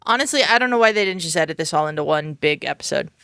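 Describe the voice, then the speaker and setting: A woman's voice: low-pitched, expressive, fast, sharp tone, clear, resonant tone, no room sound. A woman co-hosting a casual chat with dry, wry humor. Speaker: co-host.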